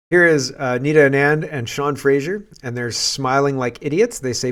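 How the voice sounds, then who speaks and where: A man's voice: mid-range voice, a little fast, few pauses, fairly bright tone. A man hosting casual political commentary, sarcastic and scoffing, laughing often as he reads and reacts.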